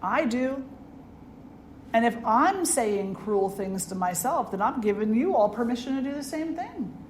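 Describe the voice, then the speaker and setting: A middle-aged woman, a spiritual teacher, giving an earnest dharma talk and telling stories with gentle humor. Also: a little high, expressive, unhurried. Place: ashram hall. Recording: echoey room with faint noise.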